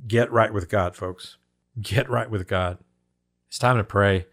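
A man's voice: on the low side, fairly even intonation, a little slow. A man preaching an impassioned online sermon, driving his points home with emphatic repetition and calling his listeners folks. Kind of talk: fiery sermon-style commentary.

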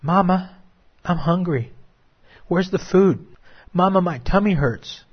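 A man's voice: high-pitched, takes it slowly, breathy edge, lo-fi sound, pitched above the performer's own voice, heavily acted. A man voicing a hungry little child pleading. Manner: pleading, whimpering. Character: starving little child begging parents.

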